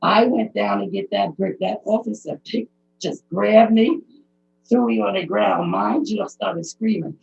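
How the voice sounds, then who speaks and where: A middle-aged woman from the United States giving emotional, pleading personal testimony as a public commenter, her speech halting. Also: medium pitch, expressive, vocal fry, darkish tone. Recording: dull lo-fi recording.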